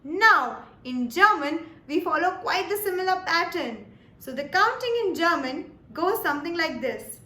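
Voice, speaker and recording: A woman's voice: very high voice, lively intonation, a little slow, pushed and bright. A woman from India teaching a German lesson, who says each word twice and often checks in with "Yes?" and "All right?". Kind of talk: slow, patient lesson delivery. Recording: echoey room with faint background noise.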